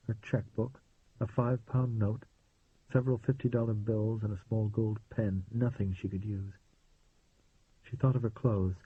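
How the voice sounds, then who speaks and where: A man narrating an audiobook in a steady, measured reading voice. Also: lowish voice, breathy edge, dry recording. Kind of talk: scripted narration. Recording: tinny phone-like dry sound.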